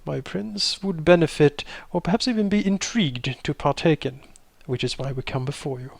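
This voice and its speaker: A man voicing a courteous, self-assured wizard who speaks formally with slow emphasis. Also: on the high side, creaky, no room sound, voice pushed up. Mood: formal, courtly. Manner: formal, theatrical bowing speech with slow emphasis.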